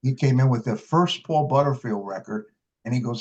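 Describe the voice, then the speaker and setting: An older man speaks in an easygoing, rambling storytelling manner, doubling back on his words and filling pauses with ums and uhs. His voice sits at an ordinary middle pitch. The recording sounds a little dull and lo-fi. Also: darkish tone. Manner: rambling storyteller with many restarts and fillers. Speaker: interviewed blues harmonica player. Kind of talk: casual interview.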